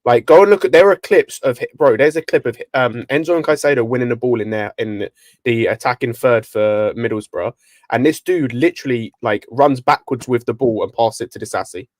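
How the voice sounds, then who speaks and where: A man's voice: mid-range voice, fairly quick, no room sound. A young man on a football panel who talks in a blunt, heated way. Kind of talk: casual football chat.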